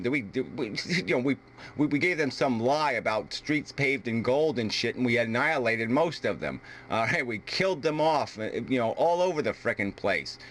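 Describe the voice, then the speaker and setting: A man's voice: medium pitch, fairly bright tone. A man from the United States arguing heatedly in a video debate, combative and full of profanity. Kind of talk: heated argument.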